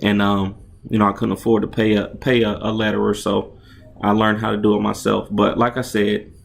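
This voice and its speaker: A man's voice: fairly low pitch, monotone, moderate pace, creaky, slight background noise. A man casually narrating and explaining his own comic book, chatty and enthusiastic, often restarting his sentences and acting out sound effects.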